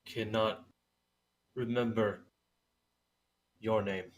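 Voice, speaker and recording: Man voicing a clan warrior, male, weary, broken speech, quiet, very slow. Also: fairly low pitch, steady tone. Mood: somber.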